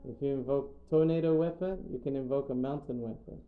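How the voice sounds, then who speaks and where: Man, scripture class speaker, animated storytelling, middle pitch, tinny phone-like sound. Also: fairly quick. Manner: animated storytelling, acting out characters.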